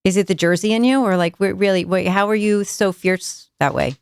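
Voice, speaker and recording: A woman's voice: medium pitch, brisk, vocal fry, clear, resonant tone, no room sound, clean studio sound. A woman hosting a podcast, talking in an emphatic, candid way. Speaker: podcast host. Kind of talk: casual interview conversation.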